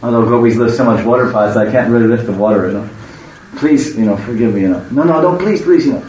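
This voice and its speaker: A man's voice: on the low side, fast talker, darkish tone, natural voice. A man voicing a young sister-in-law who stammers out excuses, within a told story. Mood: evasive. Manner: stammering, evasive. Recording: echoey room, far from the mic, faint hiss.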